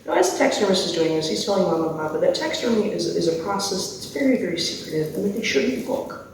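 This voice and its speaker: A man tells a comic campfire story with lively swings in his voice. He chats to his listeners with fillers and asides. The recording is echoey and distant, with faint noise behind. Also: high voice, fast. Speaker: camp storyteller.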